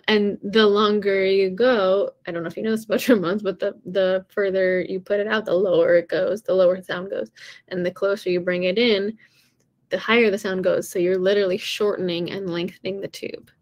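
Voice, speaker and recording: A young woman teaching singing in a casual live stream, talking in a chatty, rambling way with many pauses and small laughs at herself. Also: mid-range voice, fairly even intonation.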